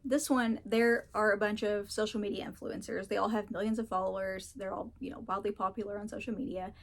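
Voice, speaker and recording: A woman's voice: mid-range voice, a little fast. A woman reviewing books in casual chat, frank and ranting, laughing often and swearing now and then. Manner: animated, mocks characters in put-on voices. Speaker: book reviewer.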